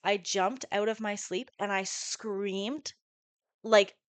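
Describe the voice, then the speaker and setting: Animated swearing woman telling a story. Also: medium pitch, slow pace, smooth, dry recording. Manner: animated storyteller, swears often, acts out quotes. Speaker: podcast co-host. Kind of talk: casual chat, storytelling.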